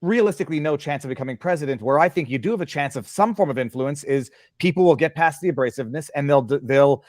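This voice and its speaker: A man's voice: a little high, animated, fast, hardly any pauses. A man hosting a live stream interview, stammering and hedging as he gets his words out. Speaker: show host.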